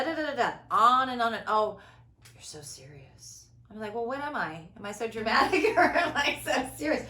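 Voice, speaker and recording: A woman in her fifties who talks in a reflective, conversational way as a podcast host, acting out quoted voices and moving between loud and hushed tones. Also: mid-range voice. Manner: expressive, theatrical, quick shifts between loud and hushed. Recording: echoey room.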